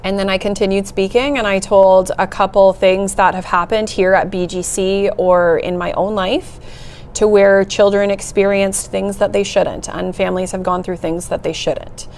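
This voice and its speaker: A middle-aged woman speaks as an interview guest at a mid-range pitch, earnest and heartfelt as she tells her story. Soft laughs slip in now and then. A faint hiss of noise sits under her voice. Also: level tone, moderate pace. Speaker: executive director, interview guest. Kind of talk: conversational interview.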